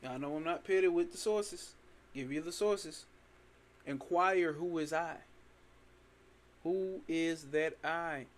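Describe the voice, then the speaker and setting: A man's voice: on the high side, unhurried. A man teaching a spiritual text in a casual, emphatic way, repeating lines and cursing freely. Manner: emphatic, repetitive, sprinkled with profanity. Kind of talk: casual spoken commentary on a scripture.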